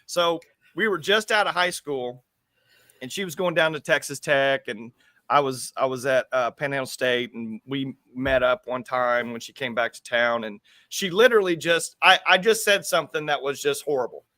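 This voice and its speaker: A man's voice: medium pitch, moderate pace, bright, forceful tone, no room sound. A man from the US co-hosting a casual talk show, rambling and repeating words as he thinks aloud. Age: adult with school-age kids. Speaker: show co-host.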